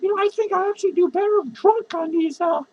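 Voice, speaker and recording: A woman's voice: very high-pitched, steady tone, quick pace, darkish tone, lo-fi sound. Woman playing a drunk, lonely clown lady. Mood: drunk rambling. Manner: rambling, profane, giggly. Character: drunk, lonely, foul-mouthed female clown. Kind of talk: rambling character vlog.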